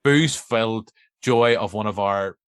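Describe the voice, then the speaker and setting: Chatty Northern Irish podcast host. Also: male voice, lowish voice, unhurried, smooth, dry recording, studio quality. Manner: chatty, rambling, self-mocking. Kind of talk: casual chat.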